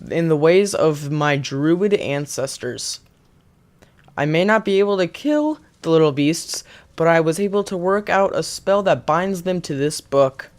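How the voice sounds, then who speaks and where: A man playing a horror game and reading its text aloud, excitable and quick to gasp and laugh. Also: a little high. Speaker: gaming YouTuber.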